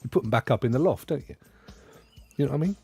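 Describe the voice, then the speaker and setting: A man's voice: quick pace, gravelly, breathy edge, no room sound. A British man co-hosting a casual gaming podcast, rambling and jokey. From United Kingdom. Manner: rambling, jokey, very lively pitch. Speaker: podcast co-host.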